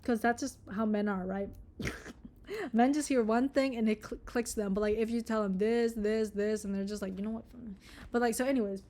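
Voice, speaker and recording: A woman's voice: fairly high pitch, steady tone, moderate pace, dark tone. A young woman reviewing a book in a casual vlog, ranting, sarcastic and swearing freely. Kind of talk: casual book review with read-aloud passages.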